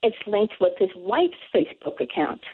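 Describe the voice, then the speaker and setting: A woman calling in to a radio show and telling a story with excited, breathless energy. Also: medium pitch, normal speed, slightly rough. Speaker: caller. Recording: tinny phone line.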